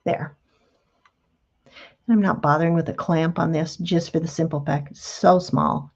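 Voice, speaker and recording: Gravelly low-voiced woman demonstrating crafts. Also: steady tone, a little slow, darkish tone, lo-fi sound. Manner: chatty, patient, talks while working with hands. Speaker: craft tutorial host. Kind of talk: relaxed step-by-step craft demonstration.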